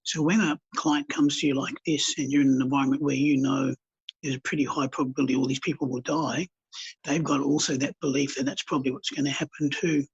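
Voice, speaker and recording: A man, a counsellor, telling stories calmly and earnestly in a podcast interview, with blunt colloquial words. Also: medium pitch, a little fast, vocal fry, husky. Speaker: counsellor and healer guest. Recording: dull lo-fi podcast audio.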